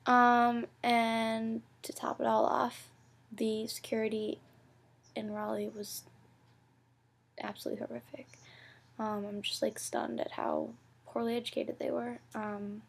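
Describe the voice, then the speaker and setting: A woman's voice: a little high, flat delivery, a little slow, creaky. A young woman recapping her day in a casual vlog, with lots of fillers and quoted exchanges, often dropping to a near whisper. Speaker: vlogger.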